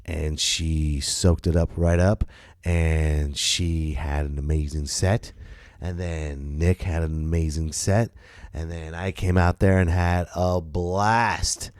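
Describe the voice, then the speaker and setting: A man, a stand-up comedian, hosting his podcast in a casual monologue, rambling and animated, swearing and stumbling over his words. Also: a bass voice, slow pace, dry recording, clean studio sound.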